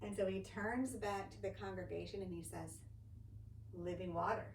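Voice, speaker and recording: A woman's voice: medium pitch, brisk, gravelly. A woman guest and ministry director, telling a story in casual talk and acting out what others said. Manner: animated storyteller acting out quoted voices. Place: church studio or room. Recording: echoey room, distant mic, faint hiss.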